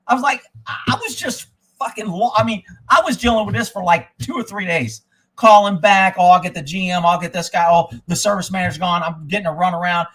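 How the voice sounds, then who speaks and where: A man's voice: sits high, fairly quick, fairly bright tone. A middle-aged man ranting on a live stream, telling a story in a profane, exasperated way. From Texas.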